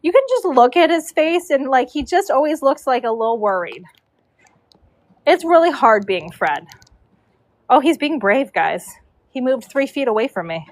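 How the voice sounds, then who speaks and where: Chatty high-voiced woman livestreaming from a barn. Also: sing-song, normal speed, no room sound. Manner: chatty, reads viewer comments aloud, baby talk to her dog. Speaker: horse braider livestreaming. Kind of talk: casual livestream chat. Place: horse show barn stall.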